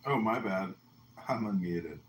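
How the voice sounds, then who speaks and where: A man's voice: sits low, animated, measured pace. A man hosting a casual audio room chat, full of crude mocking jokes. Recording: roomy echo, faint noise.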